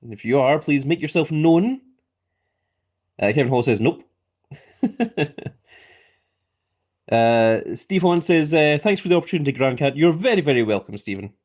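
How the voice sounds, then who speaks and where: A man's voice: a little high, lively intonation, normal speed, long pauses, darkish tone. Playful man calling a live giveaway. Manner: playful wrestling-announcer flair, reads chat aloud, laughs often. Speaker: livestream host. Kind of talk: live commentary on a giveaway, reading chat.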